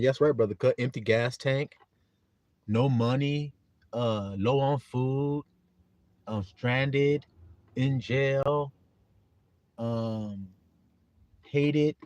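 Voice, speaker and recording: Animated, profane preaching man, lively swings. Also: medium pitch, takes it slowly, no room sound. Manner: animated, profane, acts out quoted voices, bursts into shouting. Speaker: host and preacher of a live stream. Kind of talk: informal street-style preaching.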